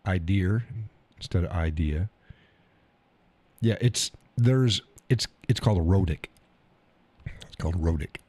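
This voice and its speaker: A man's voice: deep voice, a little mellow, husky, no room sound. A man hosting a live stream, chatting casually about viewer comments, rambling, repeating himself and chuckling often.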